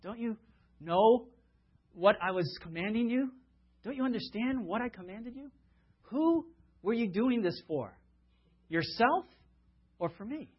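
Male preacher doing a grown teacher, exasperated and pleading, higher pitched, husky, dull lo-fi sound. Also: expressive, unhurried, long pauses, exaggerated voice. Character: grown man, a teacher rebuking his followers.

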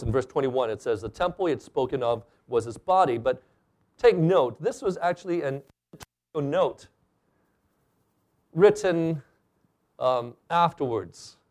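A man preaching a sermon in a church, animated and acting out the people he quotes. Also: fairly high pitch. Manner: animated, acts out quoted speakers. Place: church stage.

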